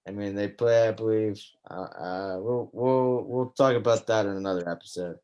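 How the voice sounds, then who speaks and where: A man's voice: on the low side, normal speed, mellow, smooth. A man co-hosting a podcast, talking sports in a loose, chatty way, swearing casually and trailing off mid-thought. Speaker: podcast co-host.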